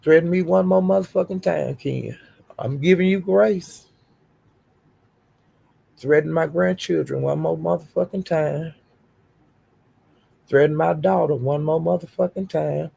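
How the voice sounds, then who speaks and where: A woman's voice: deep voice, unhurried, gravelly, long pauses, mellow, husky. An older woman streaming to her channel, ranting in a profane, confrontational, defiant way. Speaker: YouTube streamer. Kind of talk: livestream rant.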